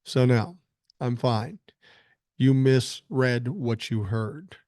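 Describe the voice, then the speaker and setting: A man's voice: medium pitch, extremely slow, a little mellow, dry recording, studio quality. An older man hosting a podcast, reading listener emails aloud and answering them bluntly with plenty of swearing, still getting over a cold. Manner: blunt, profane, opinionated. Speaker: podcast host.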